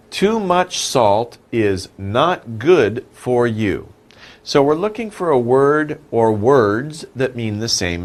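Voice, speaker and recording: Slow, animated male English teacher. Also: medium pitch. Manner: patient, repeats words, asks questions then answers them. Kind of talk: slow, animated vocabulary lesson.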